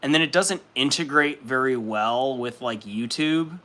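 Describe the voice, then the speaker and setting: With a mid-range voice and sharp tone, a young man talks a little slowly while reading viewer comments on his hobby livestream. He's relaxed, laughs frequently, and doesn't hold back on swearing.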